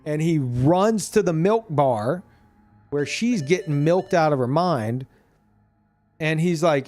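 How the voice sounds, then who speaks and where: A man streamer chatting casually about a video game, animated and profane, laughing often. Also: a little high, takes it slowly, soft background music.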